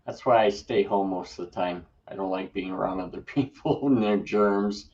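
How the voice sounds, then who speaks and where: A man co-hosting a casual live-stream chat, easygoing and quick to laugh at himself. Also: on the low side, a little mellow. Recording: dull lo-fi audio, off-mic.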